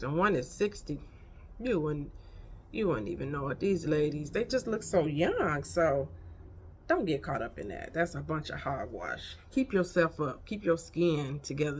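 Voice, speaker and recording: Woman, 50s, life coach vlog, casual and folksy, slightly low-pitched. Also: slightly rough. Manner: chatty, frank and folksy, addressing viewers directly. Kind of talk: casual motivational vlog talk.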